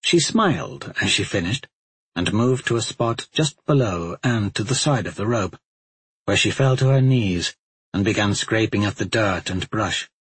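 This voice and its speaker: A man narrating a fantasy novel in a measured storytelling voice. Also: lowish voice, animated, fairly bright tone, breathy edge, no echo. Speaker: audiobook narrator.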